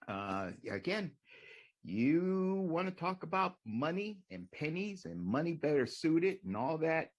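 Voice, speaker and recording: A man's voice: fairly high pitch, very animated, measured pace. A man making a sarcastic, needling public comment at a city council meeting.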